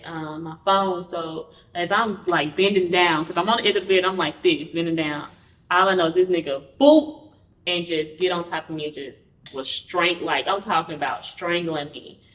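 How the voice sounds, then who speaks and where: A woman with a slightly low voice shares her own story as a podcast guest. She speaks candidly and conversationally, and she slips into the voices of the people she quotes. The sound is roomy and echoey. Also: moderate pace. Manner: animated, acts out quoted dialogue. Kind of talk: personal storytelling in an interview. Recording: roomy, mic at a distance.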